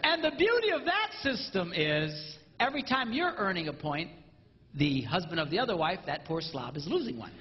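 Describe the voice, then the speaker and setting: A man doing a stand-up comedy routine, animated and acting out spouses in mimicked voices. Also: high voice, normal speed, a little hiss or hum. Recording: roomy live hall, dull lo-fi sound.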